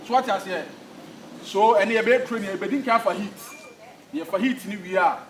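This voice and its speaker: Bossy Ghanaian coach barking orders. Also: male voice, high-pitched, brisk, a bit bright. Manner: bossy, barking orders, mixing Twi and English. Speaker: football coach. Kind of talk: comedy skit. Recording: echoey, far from the mic, faint noise.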